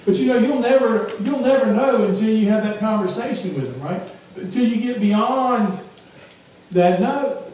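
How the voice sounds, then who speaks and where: A man's voice: sits high, a little mellow, slight background noise. A male pastor preaching a sermon in a church, with emphatic repetition and rhetorical questions. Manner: emphatic, repeats phrases, asks rhetorical questions. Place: church sanctuary. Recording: echoey hall from far off.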